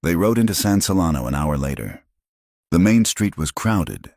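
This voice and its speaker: Very deep-voiced male narrator. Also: gravelly, dry recording, clean studio sound. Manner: measured, even storytelling. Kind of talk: scripted audiobook narration.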